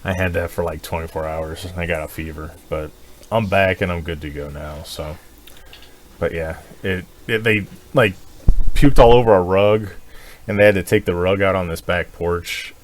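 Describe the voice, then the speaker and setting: Deep-voiced man telling a crude story. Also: normal speed, slight background noise. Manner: crude, animated storytelling with swearing and laughter. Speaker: podcast co-host. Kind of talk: casual chat.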